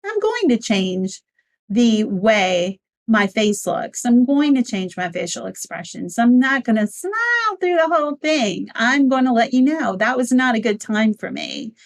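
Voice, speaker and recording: A woman teaching how to write and deliver a speech, talking clearly and with emphasis, and her pitch jumps up to stress her points. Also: sing-song, unhurried. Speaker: public speaking coach. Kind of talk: instructional talk on speechwriting.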